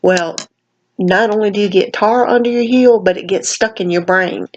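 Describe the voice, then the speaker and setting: A woman's voice: mid-range voice, normal speed, highs cut off, slight background noise. A tired woman giving a casual commentary rant, her speech a little slurred, folksy and emphatic with lots of "honey" and "baby". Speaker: vlogger commenting on another channel.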